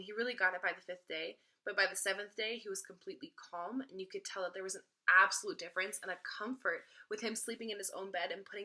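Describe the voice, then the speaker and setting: A young mother giving casual parenting advice to the camera. Her voice has a bright, forward edge, and she talks earnestly, repeating key points for emphasis. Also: medium pitch. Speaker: mom vlogger.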